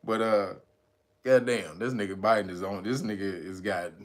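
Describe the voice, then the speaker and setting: A man's voice: fairly low pitch, fairly even intonation, moderate pace. A man hosting a commentary show, talking about the news in a loose, slangy, joking way and often breaking into laughter. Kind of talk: casual profane news commentary.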